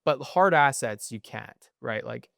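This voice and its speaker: A man's voice: mid-range voice, lively intonation, measured pace, gravelly, a bit bright, no room sound. Young man rambling in dry close-mic chat. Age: young adult. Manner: rambling, frequent "right?" and "um" fillers. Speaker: podcast co-host. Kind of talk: casual chat.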